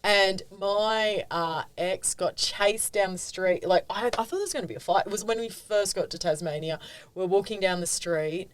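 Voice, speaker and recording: A woman's voice: mid-range voice, moderate pace. A young Australian woman co-hosting a podcast who reacts bluntly and swears freely in casual chat. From Queensland, Australia. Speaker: podcast co-host.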